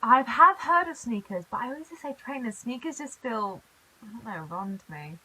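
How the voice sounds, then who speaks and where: A British woman from the UK chatting in a casual vlog, animated and quick to laugh. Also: fairly high pitch, a little hiss or hum, poor audio. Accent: British English. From United Kingdom. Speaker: YouTuber.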